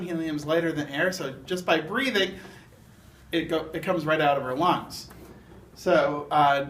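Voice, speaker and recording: Man, casual science demo, explaining with fillers, high voice, echoey room. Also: fairly bright tone. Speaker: science demonstrator. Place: university lab room. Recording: echoey room, some background noise.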